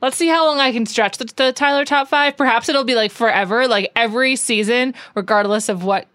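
Chatty higher-pitched woman podcast co-host. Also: a little fast, a bit bright, no room sound, studio quality. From New York City. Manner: chatty, rambling with many "like" fillers. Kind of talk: casual chat.

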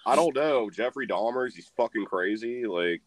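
A man's voice: medium pitch, lively intonation, moderate pace, no echo. A young man in casual chat, rambling and profane, laughing as he retells a story and acting out the voices in it.

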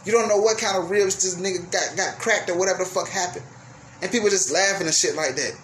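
A young man hosting a radio show, delivering a profane, heated rant that swings between yelling and apologizing. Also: high-pitched, fast talker, slight background noise. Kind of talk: ranting monologue.

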